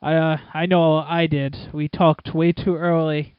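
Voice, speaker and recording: A man's voice: fairly high pitch, level tone, measured pace, clean tone, no echo, muffled recording. A man co-hosting a casual sports podcast, wry and sarcastic. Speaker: podcast co-host.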